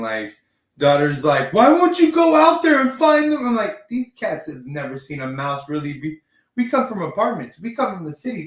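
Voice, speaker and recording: A man's voice: a little high, fairly bright tone, recorded from a distance. A man hosting a casual wrestling podcast, telling rambling, profane stories about his week. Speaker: podcast host. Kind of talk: casual chat. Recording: roomy, from off the mic.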